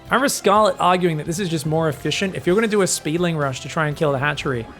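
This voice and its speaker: An Australian man giving excited, casual, jokey esports commentary, sometimes swearing. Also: fairly high pitch, rapid-fire, faint music behind. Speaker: esports caster.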